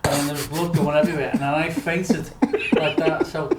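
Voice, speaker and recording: A Liverpool man with a Scouse accent, a guest storyteller, spins tales in casual chat, rambling and dropping fillers like "do you know what I mean." His voice is fairly high and level, moving a little fast. The room sounds echoey with faint noise.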